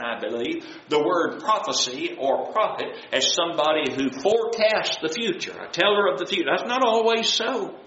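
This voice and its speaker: A man with a high-pitched, pushed, bright voice teaches a Bible study in sermon style, earnest and folksy. He paraphrases scripture plainly and asks listeners questions he then answers himself. The sound is roomy and dull with faint noise.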